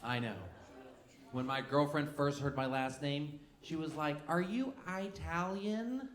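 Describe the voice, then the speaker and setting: A man's voice: medium pitch, fairly even intonation, unhurried, a bit bright. A young male stand-up comedian from a Serbian family, doing a brash, profane set on a club stage. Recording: echoey club with crowd laughter.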